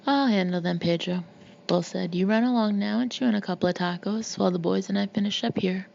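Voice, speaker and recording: A woman reading the part of a loud, boastful Marine colonel who mocks everyone around him. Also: mid-range voice, fairly quick, vocal fry, muffled recording, close to an everyday voice. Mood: mocking. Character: brash hulking male Marine colonel, swaggering.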